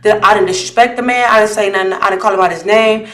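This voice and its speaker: A woman's voice: medium pitch, steady tone, fast. A woman vlogger talking casually to her viewers, reading messages aloud and retelling an argument in a blunt, heated way with frequent swearing. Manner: reads messages aloud and asks viewers for judgment. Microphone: camera or phone mic while live.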